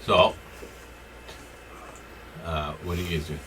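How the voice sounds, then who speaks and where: A man narrating a tabletop game as the dungeon master, calm and matter-of-fact. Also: low-pitched, slow pace, background noise.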